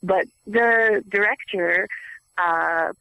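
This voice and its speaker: A woman voice actress, a guest on an interview show, telling stories in a chatty, animated way and laughing easily. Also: mid-range voice, very slow, vocal fry, dry recording, poor audio. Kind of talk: casual interview storytelling.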